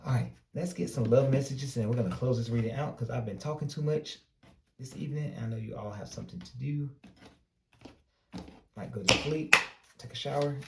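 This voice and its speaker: A man's voice: mid-range voice, brisk, gravelly, echoey room, a little hiss or hum. A man from North Carolina with a Southern accent, giving a casual, rambling tarot reading with plenty of advice. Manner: relaxed, rambling, advice-giving with self-corrections. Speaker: tarot reader.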